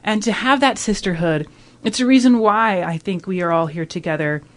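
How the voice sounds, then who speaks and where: A woman's voice: mid-range voice, moderate pace. A woman in her thirties hosting a radio talk discussion, speaking earnestly and reflectively. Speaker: radio host.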